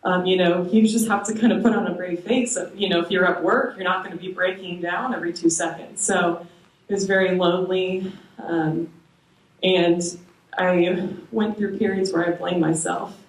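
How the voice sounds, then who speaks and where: Young woman, lowish voice, hesitant testimony, lots of ums, distant mic, roomy echo. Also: steady tone, normal speed. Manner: hesitant, many ums and soft laughs. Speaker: speaker sharing a testimony at a moms' group. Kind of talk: personal testimony to a small group. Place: church meeting room. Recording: echoey room, voice from far off.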